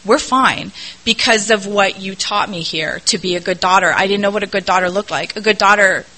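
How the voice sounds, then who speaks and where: A middle-aged woman gives a personal testimony to a meeting crowd, her voice bright and forward. She talks candidly and earnestly, poking fun at herself along the way. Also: medium pitch, brisk, rough recording. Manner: candid, self-deprecating, earnest. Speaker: speaker sharing her recovery story at a meeting.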